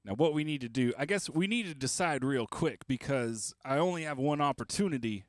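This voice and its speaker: In clean studio sound without echo, a man talks fairly quickly with lively intonation at a medium pitch. He's hosting a beatmaking livestream, chatting loosely and joking at his own expense while working.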